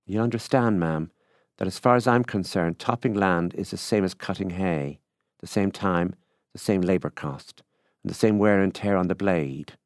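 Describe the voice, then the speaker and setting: A man's voice: low voice, normal speed, dry recording, studio quality. A man doing a coaxing, folksy country farmer. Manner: coaxing, folksy, repeatedly says ma'am. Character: genial, persistent middle-aged male country farmer.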